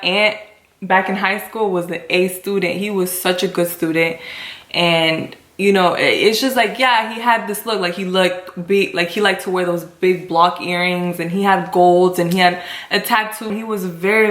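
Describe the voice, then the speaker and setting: A woman's voice: lowish voice, steady tone, normal speed, fairly bright tone. A young woman telling a personal story to her viewers in an emotional, confiding way. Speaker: vlogger. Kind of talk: storytime chat. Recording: roomy echo.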